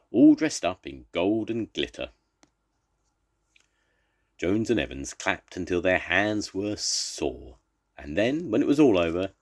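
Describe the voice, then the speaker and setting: An older grandfather reads a children's story aloud in a gentle, expressive way. His voice is deep and low. It rises and falls with lively intonation as he tells the tale.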